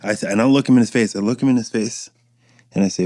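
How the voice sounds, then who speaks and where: A man's voice: lowish voice, quick pace, dark tone, no room sound, clean studio sound. A man in his thirties hosting a podcast, telling loose, profane stories and acting out quotes in a casual monologue. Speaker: podcast host.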